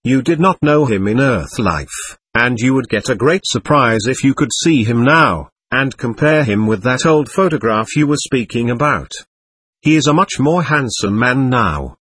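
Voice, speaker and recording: A cheerful, rather vain old grandfather spirit talks about himself, as read by a man. The voice is husky and lively in pitch, recorded dry and close. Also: moderate pace, no echo. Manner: cheerful, boastful.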